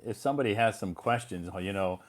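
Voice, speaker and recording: A man teaching a live online English lesson, relaxed and agreeable, slowing down to model how words are said. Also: on the low side, a loud crowd.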